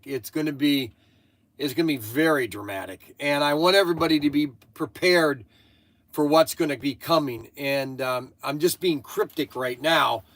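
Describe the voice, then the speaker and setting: A man's voice: a little high, a bit bright. An older man hosting a casual chat, rambling and going off on tangents, sounding tired. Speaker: host.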